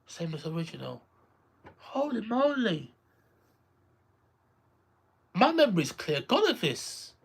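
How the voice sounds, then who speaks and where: A streamer casually reacting live to a game, excitable, repeating phrases and exclaiming. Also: medium pitch, takes it slowly, creaky, long pauses, breathy edge.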